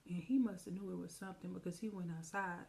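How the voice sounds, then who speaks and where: A woman's voice: fairly low pitch, fairly even intonation, quick pace, vocal fry, darkish tone, a little hiss or hum. A woman telling a personal story on a casual storytime vlog, chatty and speaking straight to her viewers, acting out the lines of the people in it. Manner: chatty, addresses viewers directly; vivid retelling with quoted dialogue. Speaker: storytime vlogger.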